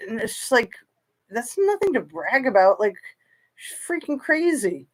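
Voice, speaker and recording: A woman's voice: fairly high pitch, sing-song, normal speed. A woman hosting a casual true crime livestream, chatting in a rambling way with sarcastic asides.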